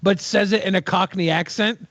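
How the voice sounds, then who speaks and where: A higher-pitched man co-hosts with wry, joking commentary. His voice comes through a dead, slightly dull lo-fi mic. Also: fairly even intonation, moderate pace, fairly bright tone, dry recording. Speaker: co-host. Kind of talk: casual chat.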